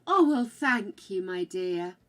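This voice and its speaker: An older British woman streams games and chats casually with her viewers in a bright, sharp voice. Her accent slides between regional styles as she talks. She is theatrical and fond, calling everyone darling and dearie. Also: mid-range voice, lively intonation, takes it slowly. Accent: British, shifting between regional accents. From United Kingdom. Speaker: game streamer. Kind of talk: casual livestream chat.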